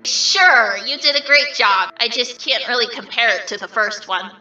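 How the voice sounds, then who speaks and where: A woman's voice: on the high side, normal speed, bright, forceful tone, echoey room, distant mic, dull audio, faint music behind. A woman voicing a vain, mischievous male triangle dream demon who reacts to fan art in a smug, theatrical, mock-offended way.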